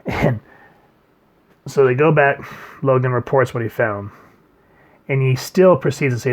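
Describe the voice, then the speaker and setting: A man reviewing a comic book in casual chat, rambling and trailing off quietly at the ends of his sentences. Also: unhurried, pauses often. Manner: rambling, trails off quietly at line ends, reads quotes in a low murmur.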